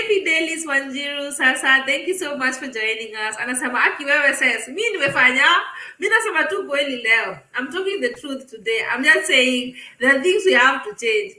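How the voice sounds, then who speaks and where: A Kenyan woman chats casually on a live stream in a high, bright voice. She talks animatedly, laughs often and mixes Swahili phrases into her English. The sound is echoey, as if from a bare room.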